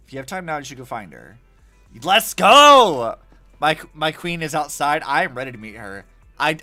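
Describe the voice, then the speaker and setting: Animated, bright-voiced young male streamer. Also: medium pitch. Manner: chatty and animated, many fillers. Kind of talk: casual gameplay commentary.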